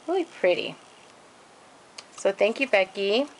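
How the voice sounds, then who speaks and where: A woman at home holds up craft pages one by one and gushes over every detail, with lots of "um" and "and then". Her voice sits at an ordinary middle pitch. A faint hiss of noise runs under the recording. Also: lively intonation, unhurried, rough recording. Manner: gushing, many fillers and "and then". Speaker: craft vlogger showing swap pages. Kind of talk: casual show-and-tell.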